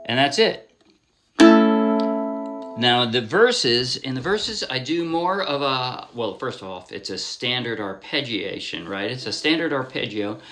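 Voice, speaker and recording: A man's voice: medium pitch, expressive, a little slow, sharp tone, faint music behind. A man giving a casual ukulele lesson, chatting loosely and counting beats aloud as he explains. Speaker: ukulele teacher. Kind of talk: casual instrument tutorial. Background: ukulele playing.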